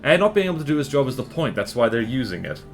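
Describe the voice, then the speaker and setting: A man's voice: mid-range voice, big pitch swings, fast, soft background music. A man streaming a strategy game live, chatting with his viewers and reacting to the battles on screen as he rambles through his opinions.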